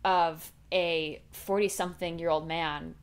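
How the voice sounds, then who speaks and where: A woman co-hosting a podcast, chatting casually as a fan, animated and laughing often as she acts out reactions. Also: on the low side, measured pace, clear, resonant tone. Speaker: podcast co-host.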